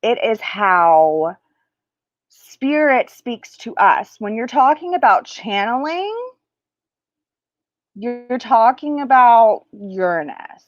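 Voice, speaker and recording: A woman's voice: mid-range voice, no echo, highs cut off. A woman hosting a spiritual livestream, chatting casually and crassly, rambling and losing her train of thought. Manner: slow, drawn-out teaching delivery.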